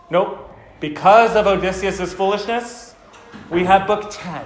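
A man's voice: high voice, measured pace. A man preaching a sermon, telling a story casually and talking with the audience. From United States. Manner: casual, lively storyteller who talks to the audience. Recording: echoey hall.

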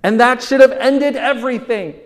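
A man's voice: very high-pitched, moderate pace, in a large hall. A man preaching a sermon, driving his points home with repeated phrases and rhetorical questions. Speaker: pastor.

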